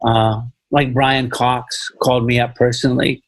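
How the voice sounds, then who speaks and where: A man's voice: mid-range voice, little pitch movement, unhurried, no room sound, low-quality recording. A man talking as a film director in a casual podcast interview, rambling and repeating phrases with many "you know"s.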